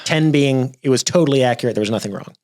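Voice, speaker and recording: A man's voice: medium pitch, fast, darkish tone. A man hosting a casual podcast panel, posing questions and steering the conversation. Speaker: podcast host.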